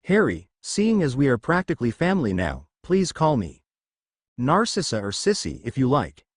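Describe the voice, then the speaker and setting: A man's voice: medium pitch, wildly swooping pitch, normal speed, breathy edge, no echo, studio quality. A man voicing Narcissa, a prim, caring, refined witch, in a storybook reading. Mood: warm.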